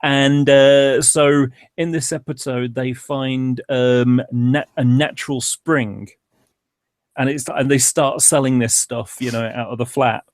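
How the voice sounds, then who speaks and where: A man talks loosely in a group chat, piling up fillers as he goes. His voice sits at a middling pitch and sounds dry and close, with no room around it. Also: fairly even intonation, takes it slowly, dry recording. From England. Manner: rambling, many fillers.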